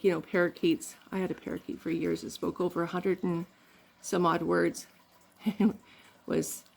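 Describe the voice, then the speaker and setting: A woman's voice: fairly low pitch, gravelly. An older woman from Canada telling rambling, funny family stories in a casual vlog, laughing often. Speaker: vlogger.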